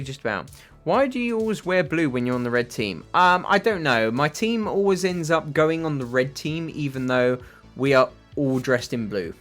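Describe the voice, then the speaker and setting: A man's voice: mid-range voice, a bit bright. A British man hosting a livestream, chatting casually with viewers and answering their questions in a rambling, self-deprecating way full of fillers. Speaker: livestream host.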